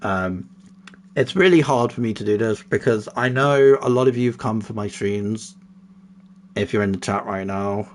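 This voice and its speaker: A man's voice: lowish voice, normal speed, a little hiss or hum. A young man talking casually to his livestream chat, moving from a somber farewell talk to exasperated, heavily swearing outbursts. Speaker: streamer.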